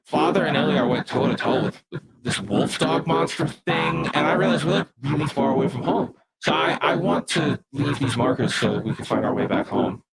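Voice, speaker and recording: A man voicing an adventurer's recorded message in a gruff monster voice. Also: mid-range voice, normal speed, very noisy, lightly acted. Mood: urgent.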